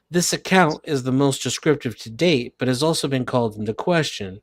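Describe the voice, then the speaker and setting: A man's voice: mid-range voice, brisk, hardly any pauses, no room sound. Man reading aloud in a dry room. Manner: steady, matter-of-fact reading.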